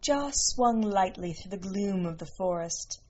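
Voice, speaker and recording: A woman reading a story aloud in a slow, measured storytelling voice. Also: medium pitch, lively intonation, mellow, faint music behind. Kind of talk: storybook narration. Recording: muffled lo-fi recording.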